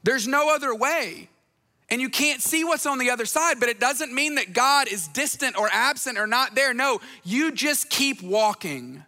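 Male pastor, high bright tenor, earnest and repetitive, hall reverb. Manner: earnest, repeats phrases for emphasis, storytelling asides. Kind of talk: conversational sermon.

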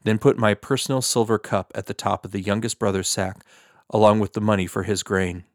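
A man's voice: fairly low pitch, fairly even intonation, a little fast, no room sound, studio quality, close to an everyday voice. A man reading a stern, commanding ruler.

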